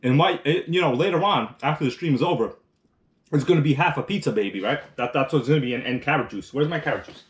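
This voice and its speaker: A man's voice: mid-range voice, quick pace. A man hosting a casual live stream, chatting while eating and reading viewer comments aloud, rambling with restarts. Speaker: livestream host.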